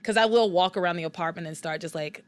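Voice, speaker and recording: A woman hosting a casual recap podcast, chatty and animated, laughing often and restarting her sentences. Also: on the low side, quick pace, clean tone. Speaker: podcast host.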